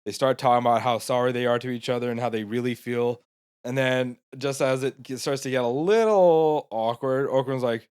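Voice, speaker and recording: A man's voice: mid-range voice, steady tone, normal speed, darkish tone, clean tone. A man co-hosting a podcast, casually recapping an anime episode and chiming in with quips. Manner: laid-back, chimes in with quips and quoted lines. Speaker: podcast co-host.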